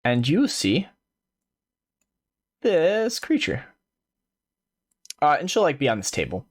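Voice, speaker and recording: A man's voice: fairly high pitch, huge pitch swings, slow pace. A man narrating and running a tabletop fantasy game as game master, in a casual way with many fillers.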